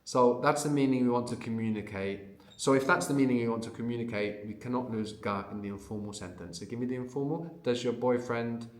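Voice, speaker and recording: Man, language teacher, patient, prompting, middle pitch, echoey room. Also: brisk. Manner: patient, prompting, explains at length. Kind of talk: guided language lesson.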